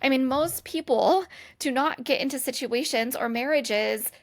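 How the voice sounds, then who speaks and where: A woman who hosts a podcast and works as a therapist. Her voice sits a little high, and she talks in an earnest, thinking-aloud way, full of restarts and "right?". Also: unhurried. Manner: thoughtful, earnest, restarts often, says "right?". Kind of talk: podcast interview.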